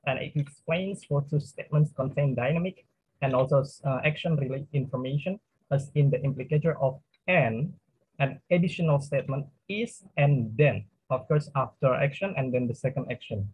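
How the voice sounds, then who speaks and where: A young man with an Indonesian accent giving a class presentation as a student presenter, speaking haltingly with many fillers and self-corrections. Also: medium pitch, darkish tone, slightly rough, dry recording. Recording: tinny phone-like dry recording.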